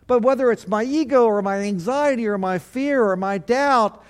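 A man's voice: very high-pitched, normal speed, clear, resonant tone. A man, a pastor, preaching a sermon, leading his congregation to repeat phrases back, with earnest, repetitive emphasis.

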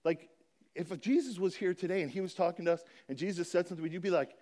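Speaking to a church congregation, a man describes a children's charity and slowly, earnestly reads scripture aloud. His voice is high with a warm tone.

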